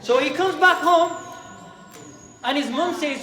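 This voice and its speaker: A man giving a storytelling talk to children, lively, asking them questions and acting out voices. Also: very high-pitched, moderate pace, crowd noise. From England. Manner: lively, asks the kids questions, acts out voices. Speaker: youth speaker. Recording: echoey hall, far mic, faint background hum.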